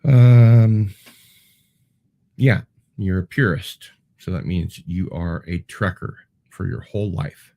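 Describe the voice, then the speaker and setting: Lower-voiced man rambling through viewer comments. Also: takes it slowly, gravelly, lo-fi sound. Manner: rambling and digressive, with many ums and restarts. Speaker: show host. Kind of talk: casual livestream chat, answering viewer comments.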